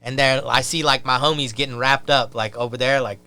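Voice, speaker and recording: Bright, clear-voiced man telling a rambling story. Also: medium pitch, steady tone, brisk. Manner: rambling, full of filler and swearing. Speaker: podcast guest. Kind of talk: casual storytelling.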